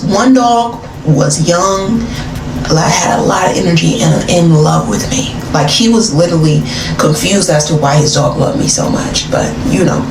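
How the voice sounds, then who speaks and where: A woman from Atlanta telling a story in an animated, dramatic way, in a roomy, noisy recording from a distance. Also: on the low side. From Atlanta, Georgia. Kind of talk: casual storytelling.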